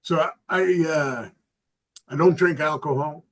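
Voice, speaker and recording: An older man doing a stand-up comedy set, a self-described lovable curmudgeon delivering dry, deadpan jokes about family. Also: a little high, measured pace, poor audio. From Southern California.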